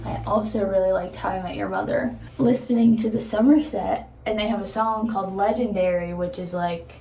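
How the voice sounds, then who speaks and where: A woman's voice: mid-range voice, steady tone, a little fast, gravelly, dark tone, echoey room, distant mic, slight background noise. A young woman vlogging in a casual, rambling, candid way, swearing freely and trailing off into whispers. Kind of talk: casual chat.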